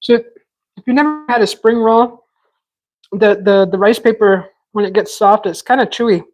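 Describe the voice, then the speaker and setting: A woman hosting a casual cooking vlog, rambling in a relaxed way with many fillers and restarts. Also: medium pitch, moderate pace, low-quality recording. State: talking with mouth full at times. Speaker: cooking channel host.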